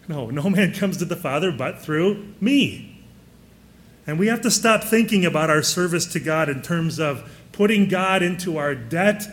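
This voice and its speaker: A man's voice: a little high, fairly bright tone. A man preaching a sermon in a conversational way, often putting questions to his listeners.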